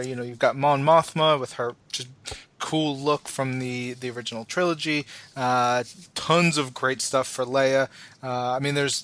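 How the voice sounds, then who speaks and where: A man's voice: medium pitch, fairly bright tone, no echo. A man co-hosting a podcast in casual chat, enthusiastic and rambling with many fillers. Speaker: podcast co-host.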